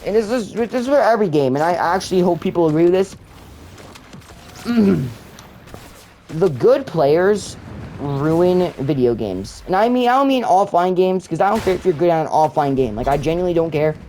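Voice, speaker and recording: A man's voice: sits high, expressive, moderate pace, dark tone, low-quality recording. Rambling young man complaining over gameplay. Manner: rambling, complaining, many fillers and restarts. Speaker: gamer. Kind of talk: gameplay commentary. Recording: faint game noise and gunfire behind.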